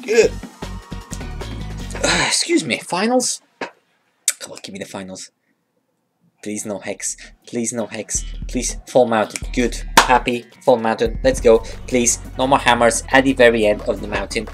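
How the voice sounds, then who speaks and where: A woman commentating her own game play, excitable and swearing at opponents, with faint game music behind. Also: rumbling low, unhurried, long pauses. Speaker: gamer.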